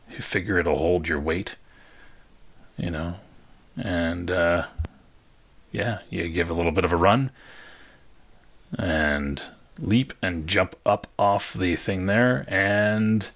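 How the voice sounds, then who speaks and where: A man narrating a tabletop game as game master, laid-back and pausing often with fillers. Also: sits low, a bit bright.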